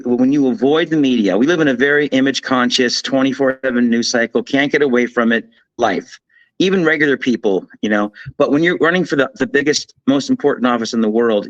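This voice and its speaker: A man talking as a guest commentator on a political talk show, emphatic and animated, telling things as a story with frequent restarts. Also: medium pitch, no room sound, lo-fi sound.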